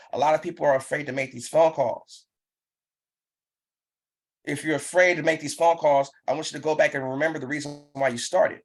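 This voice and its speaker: A man's voice: on the high side, fairly bright tone, husky. Man coaching with emphatic repetition. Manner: pumped-up, urging. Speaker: business trainer. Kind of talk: live online business training.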